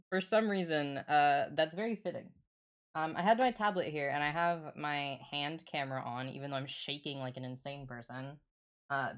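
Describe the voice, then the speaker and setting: A young woman streamer chatting casually with her viewers, joking and swearing. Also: low voice. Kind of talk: casual livestream chat.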